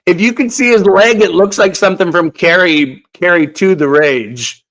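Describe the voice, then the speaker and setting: A man hosts a casual live-stream Q&A about crafting. His voice sits a little higher than most men's, and he talks animatedly, laughing as he winds through stories. It sounds like a home webcam setup. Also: normal speed, a bit bright, poor audio.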